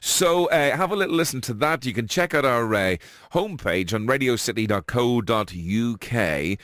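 A man hosting a breakfast radio show, telling jokes and chatting in a lively storytelling manner. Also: mid-range voice, moderate pace, dry recording, clean studio sound. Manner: lively storyteller, animated delivery. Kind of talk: joke-telling and radio banter.

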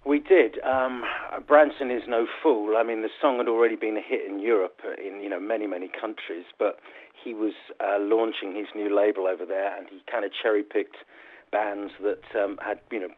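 A middle-aged man from England chats as a guest, spinning self-mocking stories from his early career. His voice sits on the low side. It comes through a narrow, tinny phone line. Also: fairly even intonation, normal speed. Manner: chatty storyteller, self-mocking. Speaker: musician guest. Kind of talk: casual interview anecdotes.

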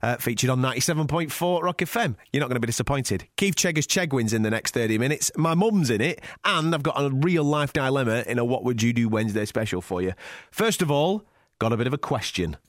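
A young man, hosting a breakfast radio show in lively, jokey banter with a co-host. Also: mid-range voice, dry recording, clean studio sound. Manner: animated, jokey, quick bursts of talk.

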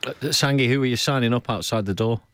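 A man hosting a radio sports talk show, relaxed and teasing, steering the chat and reading out listener messages. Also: mid-range voice, fast talker, dry recording. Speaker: radio presenter. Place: radio studio.

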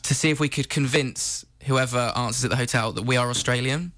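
A man hosting a morning radio show, setting up segments briskly with some fillers. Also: medium pitch, fairly even intonation, fairly bright tone, dry recording, clean studio sound. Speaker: radio host.

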